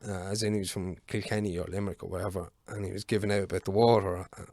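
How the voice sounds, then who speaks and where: A man's voice: low-pitched, level tone, fast talker, a little mellow, dry recording, clean studio sound. A man in his thirties with an Irish accent, a podcast guest telling a long work story casually, rambling with plenty of fillers and swearing freely. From Ireland. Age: 30s.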